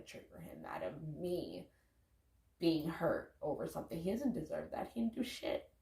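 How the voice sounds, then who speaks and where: A woman talks loosely and candidly in a casual motivational vlog, peppering her speech with "like" and the odd swear. Her low voice is gravelly and warm, and it carries an echo from the room. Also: wildly swooping pitch, moderate pace. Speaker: vlogger, parent. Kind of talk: casual motivational talk to camera.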